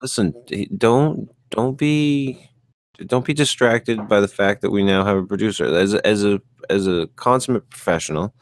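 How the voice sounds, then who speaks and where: A man's voice: lowish voice, moderate pace, no room sound. A man hosting a podcast in casual chat, teasing and sarcastic as he needles his co-host.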